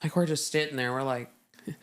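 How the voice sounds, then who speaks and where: A woman's voice: a bass voice, steady tone, brisk. Profane storytelling woman veteran. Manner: profane, vivid storytelling with acted-out quotes. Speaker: guest; Navy veteran. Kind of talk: casual interview chat.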